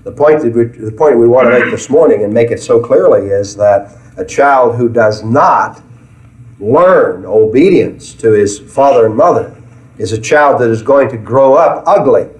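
A man's voice: mid-range voice, lively intonation, normal speed. A man leading a Bible study in an earnest preaching style, often repeating phrases as he finds his words. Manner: earnest, repeats himself while searching for words. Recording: echoey room, mic at a distance.

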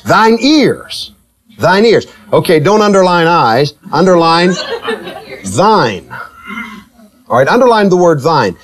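A man preaching a sermon, teasing and questioning his listeners, with slow, emphatic delivery that rises and falls. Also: sits high, crowd noise. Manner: animated, teasing, asks the congregation questions.

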